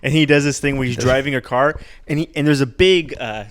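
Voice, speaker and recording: A man's voice: mid-range voice, a little fast, slight background noise. An American man co-hosting a comedy podcast, telling rambling stories in casual banter with a laid-back, chuckling manner. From United States. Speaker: podcast co-host.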